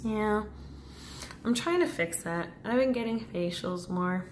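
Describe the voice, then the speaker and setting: A woman's voice: medium pitch, unhurried. A woman chatting playfully as she talks through her makeup routine in a casual tutorial. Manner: chatty and playful, talking through each step. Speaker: beauty vlogger. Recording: echoey room with background noise.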